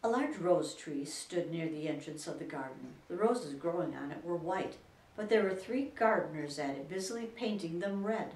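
A woman's voice: on the low side, lively intonation, darkish tone, far from the mic. Woman reading a storybook in an echoey room. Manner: slow, deliberate reading. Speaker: children's librarian reading aloud. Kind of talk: storybook read-aloud. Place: library.

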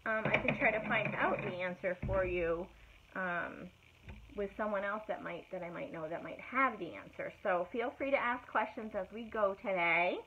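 A woman's voice: mid-range voice, normal speed. A middle-aged woman, chatting casually as she demonstrates furniture painting on a live stream, full of fillers and greetings. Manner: chatty, many fillers, greets viewers by name. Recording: tinny phone-like audio with faint noise.

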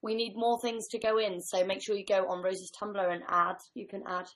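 A young woman co-hosting a casual livestream, with a dry, deadpan humour. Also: medium pitch, brisk, poor audio. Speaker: livestream co-host. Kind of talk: casual chat.

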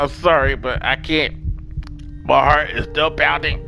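A man giving slangy, profane let's-play commentary, swinging between hushed nerves and loud startled reactions to the game. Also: fairly high pitch, creaky. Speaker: gaming YouTuber.

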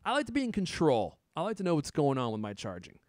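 A man's voice: fairly high pitch, huge pitch swings, quick pace, a little mellow, no echo, studio quality. A man in his thirties co-hosting a casual tech chat, joking and laughing often. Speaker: podcast co-host.

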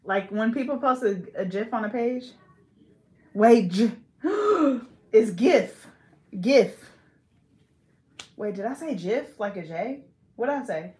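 A woman's voice: a little high, animated, a little slow, a little mellow. Playful woman vlogger in an echoey room. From Bay Area, California. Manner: giggly, playful, second-guessing herself. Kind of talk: casual chat. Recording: echoey room, faint background hiss.

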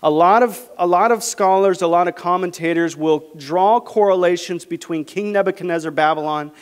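A man with a fairly high voice preaches a sermon, slowing down to lean into each scripture phrase. His voice rings through a church sanctuary with a long reverb tail. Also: smooth. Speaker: pastor.

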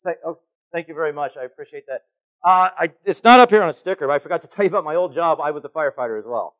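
A man giving a conference keynote on stage, animated and playful as he calls volunteers up from the audience. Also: on the high side, very fast. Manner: animated, calling to the crowd, playful. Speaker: keynote speaker.

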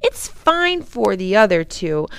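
A woman's voice: medium pitch, sing-song, slow, creaky, a bit bright, clean tone, no echo, full character voice. A woman voicing a responsible thirteen-year-old boy in a storybook, earnest and a bit exasperated.

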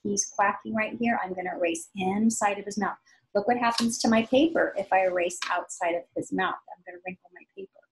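A woman teaching young children to draw, giving slow, patient, sing-song step-by-step instructions. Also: medium pitch, fairly even intonation, low-quality recording. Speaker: art teacher.

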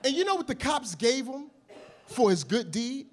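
Male stand-up comic, high voice; incredulous, punchy storytelling in a live club. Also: very animated, moderate pace. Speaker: stand-up comedian. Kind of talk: stand-up comedy set. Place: comedy club stage with audience. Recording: live club recording with faint crowd.

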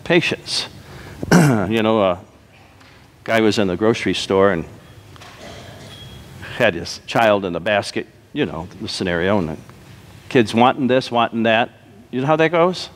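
A man's voice: medium pitch, lively intonation. Guy pastor giving a sermon, tells a little joke then drags out the big words, church hall echo. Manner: storytelling with punchlines, slow emphatic repetition. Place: church sanctuary. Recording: long reverb of a church hall.

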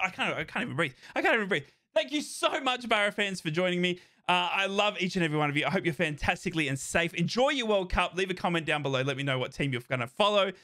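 A young man reacting live to a football match, talking nervously to the game and breaking into excited cheering. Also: sits high. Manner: excitable, anxious then euphoric, talks to the match.

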